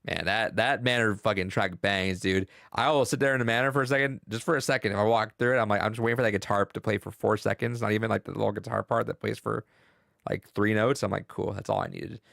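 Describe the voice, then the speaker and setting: A young man rambles excitedly about a game he is playing, with plenty of swearing. His voice is low and gravelly, with lots of fry. The sound is dry and close. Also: quick pace, dry recording. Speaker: podcast co-host. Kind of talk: casual gaming chat.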